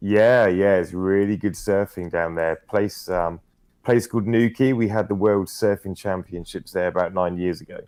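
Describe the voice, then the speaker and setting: A man's voice: low voice, fairly even intonation, moderate pace, darkish tone, dry recording. A man in his forties from Cornwall with a Cornish English accent, a police veteran chatting easygoingly as an interview guest. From Cornwall, England. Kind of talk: casual interview chat.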